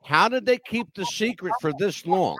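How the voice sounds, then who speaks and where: A brash man hosting a live talk show, his pitch high and leaping around as he presses his points. He sounds dry and close, with no room around him. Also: expressive, moderate pace, a bit bright, no room sound. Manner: brash, emphatic, swears. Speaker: host.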